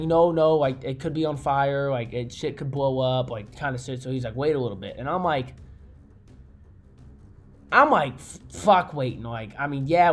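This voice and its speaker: Young dude ranting a storytime vlog, swears a lot, normal pitch, faint music behind. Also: male voice. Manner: profane, excitable, mimics crash sounds. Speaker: vlogger. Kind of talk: casual storytime.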